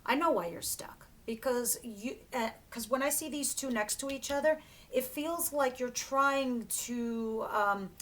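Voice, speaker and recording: Brief: woman tarot reader, casual and emphatic, salty language, faint rumble under her. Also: measured pace, few pauses, fairly bright tone. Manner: chatty and emphatic, swears freely, laughs often. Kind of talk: casual tarot reading to camera.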